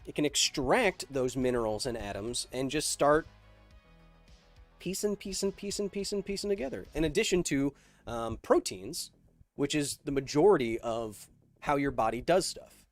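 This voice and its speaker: A man's voice: medium pitch, animated, moderate pace, soft background music. A man hosting a livestream Q&A, reading viewer questions aloud and answering in a rambling way, with lots of fillers. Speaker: host. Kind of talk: livestream Q&A chat.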